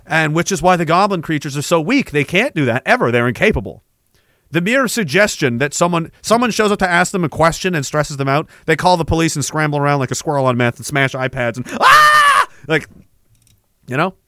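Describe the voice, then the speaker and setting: A man riffing casually in a comic bit, animated and giggling often. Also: a little high, no room sound, studio quality. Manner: animated, giggling, quick to jump into voices.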